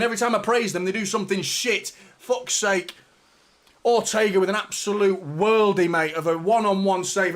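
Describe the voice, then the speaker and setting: A young man hosting a live football watchalong, swearing often and swinging between anxious muttering and shouted celebration. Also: high-pitched. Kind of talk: live match reaction commentary.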